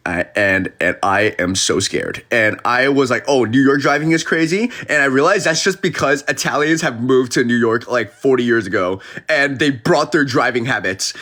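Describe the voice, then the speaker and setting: Animated man chatting on a live stream. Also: medium pitch. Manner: animated storyteller, acting out the people he quotes. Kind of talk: casual livestream chat.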